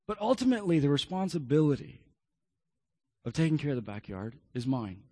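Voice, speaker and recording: A man in his thirties preaches with earnest warmth, telling a family story and circling back to repeat his key phrases. His voice sits a little high for a man. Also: expressive, moderate pace, slightly rough, long reverb tail. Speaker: pastor. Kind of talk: sermon with personal story.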